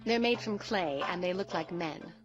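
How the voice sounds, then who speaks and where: A woman's voice: on the low side, normal speed, soft background music, close to an everyday voice. A woman voicing a prim, curious young woman companion in a game.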